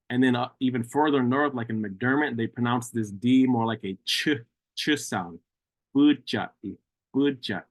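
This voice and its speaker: A man teaching an online language class, patiently repeating words slowly for learners over a video call. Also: medium pitch, dry recording.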